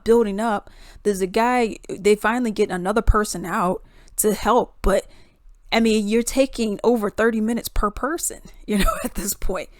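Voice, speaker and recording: Woman vlogger, casual storytime, animated, exclamatory, mid-pitched voice, dry close recording. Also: dry recording.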